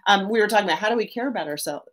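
A middle-aged woman therapist speaking as a podcast guest, animated, often restarting phrases and adding "right?". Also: medium pitch, rapid-fire. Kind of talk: podcast interview.

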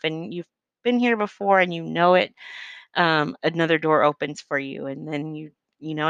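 A middle-aged woman speaks in a heartfelt, faith-based monologue, earnest and meandering with many fillers. Her voice sits a little low and sounds smooth and clear. The recording is close and dry, with no room sound. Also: fairly bright tone, no echo.

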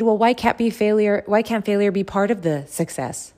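A woman's voice: mid-range voice, moderate pace, mellow. A woman hosting a motivational self-help podcast, speaking earnestly and repeating phrases for emphasis. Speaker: podcast host.

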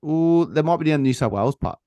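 A man's voice: fairly high pitch, expressive, quick pace, warm tone, no echo. Young man, Australian accent, podcast host, casual banter, swears and laughs, dry close sound. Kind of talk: casual chat.

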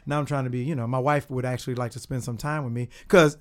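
A man's voice: medium pitch, fairly even intonation, fast. A man chatting casually as a guest actor, joking playfully and laughing often. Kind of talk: casual chat.

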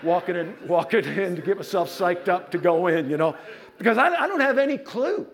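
Animated man preaching with stories. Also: high voice, brisk, noisy background. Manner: animated storytelling with playful asides to the congregation. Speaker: pastor. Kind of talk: sermon. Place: church.

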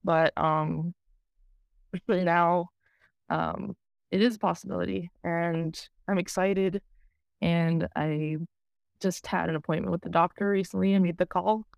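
A woman's voice: on the low side, fairly even intonation, a little slow, vocal fry, no echo. A woman talking candidly in an interview, rambling and filling her talk with "you know" and "like". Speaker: program client sharing her story.

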